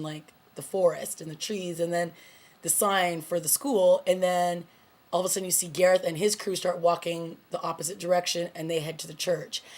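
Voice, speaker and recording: Woman TV reviewer, lowish voice, casual chatty recap delivery. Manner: chatty, recaps scenes with quoted lines and laughs. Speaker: TV review host.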